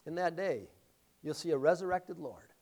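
A middle-aged man preaching a sermon, swinging between loud, emphatic declarations and quiet, hushed storytelling. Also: a little high, expressive, normal speed. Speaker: pastor.

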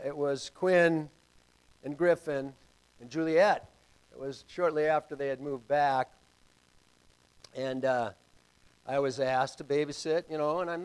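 An older man preaching a sermon and telling a personal story, moving from loud calls to hushed asides. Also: a little high, clean tone, low-quality recording.

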